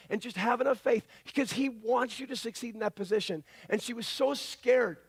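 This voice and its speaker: A middle-aged male pastor preaches in a very high-pitched, breathy-edged voice, moving briskly with hardly any pauses. He tells animated stories and acts out the voices of the people in them.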